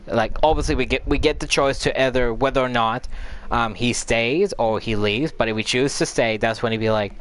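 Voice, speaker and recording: A man's voice: mid-range voice, moderate pace, a bit bright, slight background noise. A man host casually recapping a video game story, rambling and repeating filler words as he recalls events. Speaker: gaming channel host.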